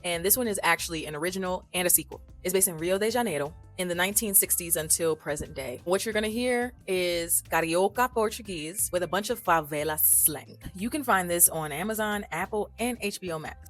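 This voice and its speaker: A young adult woman talking casually in a language-learning vlog. She is animated and chatty, laughs often and slips into quick put-on voices when quoting people. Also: lowish voice, soft background music.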